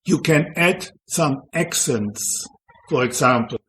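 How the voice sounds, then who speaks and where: A man, a Zen monk, calmly explaining how to drum, in plain instructional English that is not his first language. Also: on the high side, takes it slowly, soft background music. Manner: calm, plain instructional phrasing in non-native English. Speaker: Zen monk teaching drumming. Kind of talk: spoken instruction between drum demonstrations.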